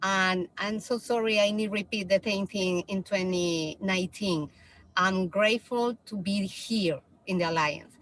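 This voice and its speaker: A woman's voice: medium pitch, unhurried, a bit bright, slight background noise, rough recording. Woman with a non-native accent on call. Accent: non-native English. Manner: grateful, searching for words. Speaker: team member guest on call. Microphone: video call.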